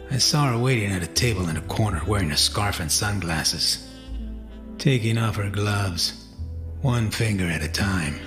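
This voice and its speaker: A man narrating a scripted audio story in a wry, deadpan way. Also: lowish voice.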